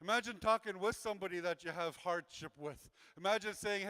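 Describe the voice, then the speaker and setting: A Canadian youth worker and speaker gives an earnest, repetitive motivational talk to a community gathering, acting out the voices of people he quotes. His high voice is a little fast, sharp in tone, clear and resonant.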